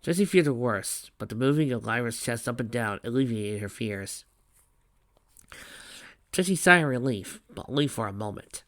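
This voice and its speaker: A man reading fan fiction aloud in a steady voice, with small slips and restarts. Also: mid-range voice, moderate pace, dry recording, studio quality. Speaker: reader.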